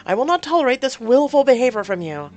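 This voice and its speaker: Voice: high-pitched, big pitch swings, fast, a little mellow, faint music behind, voice pushed up. A reader voicing a cold, imperious mother who scolds her grown daughter in a game playthrough. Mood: scolding, imperious. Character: domineering disapproving mother, middle-aged woman.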